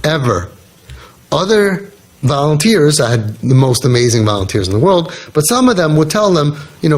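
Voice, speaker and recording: A man's voice: mid-range voice, very animated, moderate pace. Earnest middle-aged man, emphatic repeats. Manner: emphatic, repeats key phrases, acts out quoted voices. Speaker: community youth mentor giving a talk. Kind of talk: earnest storytelling talk.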